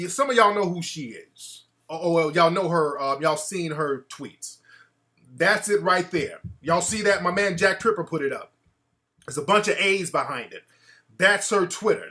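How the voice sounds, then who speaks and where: A man hosting a talk show, ranting in an animated, mocking way and putting on voices to quote people. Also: sits high. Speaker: show host. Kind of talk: casual talk-show rant.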